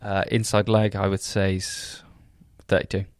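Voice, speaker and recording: A man co-hosting a podcast, chatting in a relaxed, quietly bantering way in a studio. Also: low voice, unhurried, dry recording. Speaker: podcast co-host. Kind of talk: casual chat.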